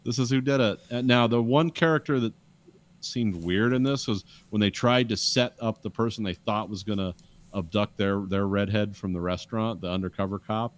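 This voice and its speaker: A man's voice: on the low side, moderate pace. A man in casual podcast chat, rambling with restarts and acting out quotes from a show. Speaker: podcast co-host.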